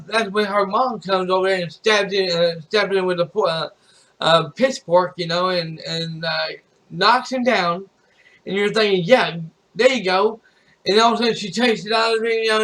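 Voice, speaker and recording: A man's voice: high voice, a bit bright, poor audio. A man streaming live and retelling a film plot in a casual, rambling way, full of restarts and fillers. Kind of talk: casual movie recap.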